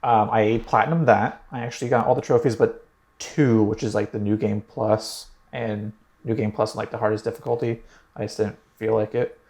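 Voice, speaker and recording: A man's voice: lowish voice, steady tone, normal speed, darkish tone. A young man on a casual gaming podcast, enthusiastic and repeating his emphasis words. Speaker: podcast co-host. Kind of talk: casual chat.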